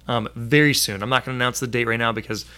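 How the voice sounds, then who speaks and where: A man's voice: mid-range voice, fairly even intonation, fast, crowd noise. A man hosting a casual live stream, upbeat and full of fillers, reading viewer comments aloud.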